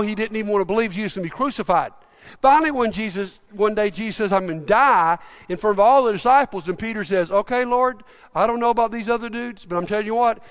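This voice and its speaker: A man preaching a sermon, retelling scripture as a story and acting out the quoted lines, swinging from loud to hushed. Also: high voice, in a large hall.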